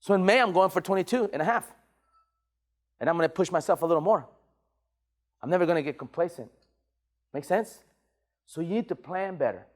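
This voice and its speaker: Male sales coach, high voice, punchy motivational delivery with call-and-response. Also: fairly quick, pauses often. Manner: energetic, repeats phrases, call-and-response. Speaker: sales trainer. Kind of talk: motivational sales training talk.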